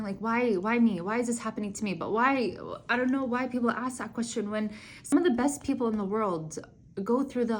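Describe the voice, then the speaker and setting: Young mom talking about her faith, earnest and chatty, lots of likes and you knows. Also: a little high. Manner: earnest, conversational, many fillers. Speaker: Islamic speaker. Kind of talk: heartfelt religious storytelling.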